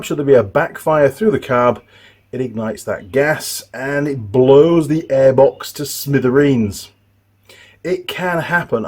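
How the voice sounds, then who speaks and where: A middle-aged mechanic explains a repair in a casual, chatty way. His voice has a slightly breathy, husky edge at a middle pitch. He rambles and restarts as he goes. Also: a little mellow. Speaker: motorbike mechanic and channel host. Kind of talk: casual workshop tutorial.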